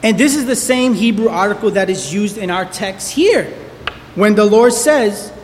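A man's voice: sits high, expressive, moderate pace, big-room sound, slight background noise. A man preaching a sermon, emphatic and repeating key words for stress. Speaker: pastor.

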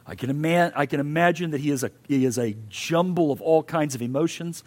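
A man's voice: on the high side, a little fast, a little mellow. A male pastor giving a sermon in an earnest, emphatic way, with rising and falling intensity.

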